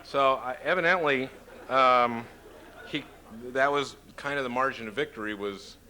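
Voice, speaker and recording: A man's voice: medium pitch, pushed and bright. A man from Minnesota giving a comic question-and-answer talk as an author, joking dryly and stopping often with "uh". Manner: dry, joking, halting with many "uh"s. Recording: noisy lecture-hall recording.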